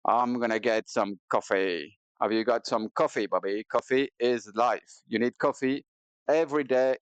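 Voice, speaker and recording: A man with a mid-range, clean voice and no echo chats casually while streaming a video game, rambling and joking at his own expense. It's playful, self-mocking gaming stream talk, picked up on a cheap headset with dull lo-fi sound.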